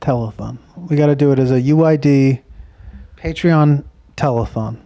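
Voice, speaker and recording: A man co-hosting a comedy podcast in casual chat, speaking in a low-key, halting way and trailing off mid-thought. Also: dark tone. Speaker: podcast co-host.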